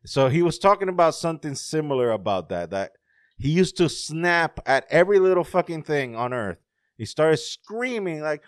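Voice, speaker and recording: A man in casual podcast chat, profane and animated, telling stories about his family and his past. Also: on the high side, moderate pace, no echo, clean studio sound.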